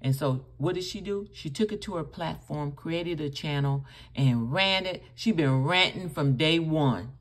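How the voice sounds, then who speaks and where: Low-voiced woman scolding in her commentary. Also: measured pace, few pauses. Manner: scolding, emphatic, addresses the other speaker directly. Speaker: reaction channel host. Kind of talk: reacting to clips with commentary.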